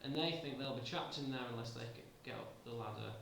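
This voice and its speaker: A man improvising a story out loud, hesitant and full of fillers. His voice has a gravelly edge. He sounds far off in a very echoey room with faint noise. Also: medium pitch, brisk. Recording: roomy, distant amateur recording.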